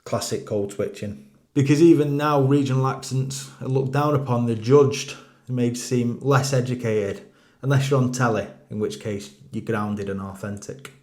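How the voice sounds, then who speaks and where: A man's voice: medium pitch, steady tone, normal speed. Wry man. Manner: wry, jokey delivery with sudden quiet asides. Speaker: presenter. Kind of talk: scripted explainer monologue.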